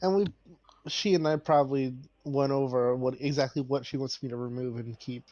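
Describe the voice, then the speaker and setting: A man playing in a tabletop game, eager and quick to laugh. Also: medium pitch, steady tone, mellow, no echo, highs cut off. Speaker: player. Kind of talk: casual tabletop play.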